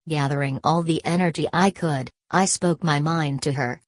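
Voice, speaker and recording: A woman reading a first-person story aloud in an even, measured way. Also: low-pitched, no echo. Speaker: audiobook reader. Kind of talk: first-person audiobook narration.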